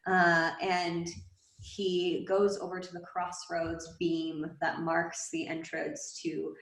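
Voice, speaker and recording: A woman narrating a tabletop game as game master, slow and halting with many fillers. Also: fairly low pitch, completely flat delivery, roomy sound, poor audio.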